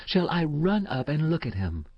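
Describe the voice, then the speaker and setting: A man's voice: on the high side, sing-song, normal speed, no room sound, voice pushed up. A man voicing an obliging governess in a storybook telling. She speaks politely and readily, in a raised voice. The recording is dry and a bit dull. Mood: dutiful. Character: obliging household governess, a woman.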